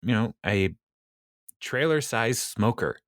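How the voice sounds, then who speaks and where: A man's voice: lowish voice, lively intonation, slow, a bit bright, no room sound, studio quality. A man casually recapping a sitcom episode, rambling, laughing often and acting out quotes. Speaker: podcast co-host.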